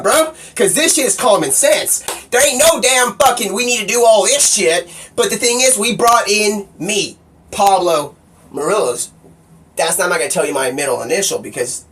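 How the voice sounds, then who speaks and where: Rambling, profane male streamer, off-mic. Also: sits high. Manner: rambling, profane, excitable, with bursts of shouting. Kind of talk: rambling live-stream monologue. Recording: distant mic with faint background noise.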